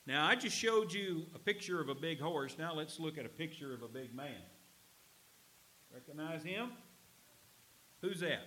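A pastor preaching a sermon, animated and humorous, swinging between loud emphasis and quiet asides to the congregation. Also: male voice, fairly high pitch, normal speed, long pauses, slight background noise, poor audio.

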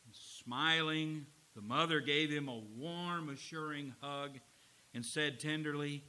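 A man preaching a sermon, earnest, slowing down to stress key lines. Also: on the high side, sharp tone, low-quality recording. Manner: earnest preaching, slows for emphasis. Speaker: pastor.

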